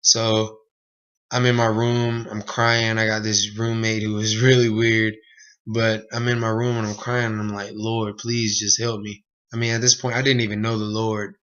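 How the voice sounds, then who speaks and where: Young guy telling his testimony, smooth voice, pretty monotone, kinda muffled lo-fi recording. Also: on the low side, moderate pace. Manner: earnest, plain retelling with many asides. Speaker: speaker giving a personal testimony. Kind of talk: personal testimony speech. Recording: dull lo-fi recording.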